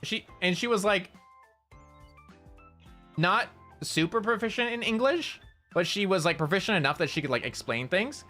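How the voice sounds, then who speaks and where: Streamer rambling through a funny story, bright tone, faint music behind. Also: mid-range voice, normal speed, long pauses. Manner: animated, repetitive, self-mocking storytelling. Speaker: VTuber streamer. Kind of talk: casual chat stream, storytelling.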